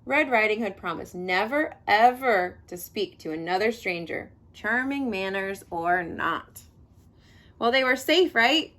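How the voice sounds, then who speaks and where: A woman reading a picture book aloud to children, expressive and adding chatty asides as she goes. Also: medium pitch, unhurried. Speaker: read-aloud storyteller.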